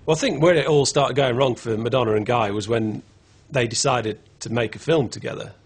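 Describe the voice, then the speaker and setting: A man's voice: medium pitch, brisk, slightly rough. A man commentator giving blunt, opinionated interview remarks.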